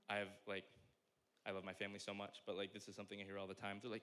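A young man preaching a sermon as pastor, joking and animated, swinging from loud exclamations to quiet asides. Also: on the low side, racing.

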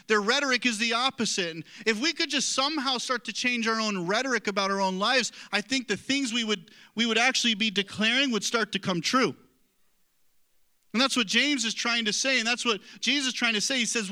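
A man's voice: very high-pitched, fairly quick, sharp tone. A middle-aged man preaching a sermon as a pastor, earnest and conversational, with self-deprecating asides to the congregation.

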